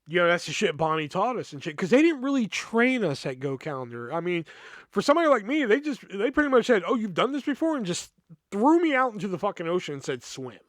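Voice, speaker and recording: A man's voice: sits high, big pitch swings, fast, fairly bright tone, no room sound. A man hosting a podcast, telling a long casual story in a rambling, profane way with lots of filler words. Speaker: podcast host.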